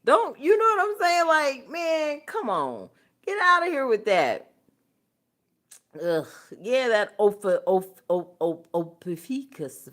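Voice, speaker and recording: A woman speaks casually on a spiritual livestream, blunt and profane. She laughs often. Her voice swings from low, quiet muttering to loud, animated outbursts. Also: slow. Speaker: spiritual channel host.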